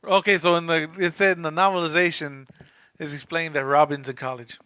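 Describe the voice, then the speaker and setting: A man with a slightly high voice who slips in deadpan, teasing jokes during a casual movie chat. He sounds close and dry, talking into a headset with no room sound. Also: a little fast, clear, resonant tone, dry recording. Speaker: podcast co-host.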